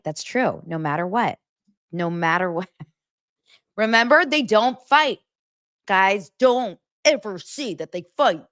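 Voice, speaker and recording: A woman's voice: medium pitch, fairly bright tone, dry recording, studio quality. A woman hosting a casual celebrity gossip chat, talking in a playful, rambling way that keeps interrupting itself. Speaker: host.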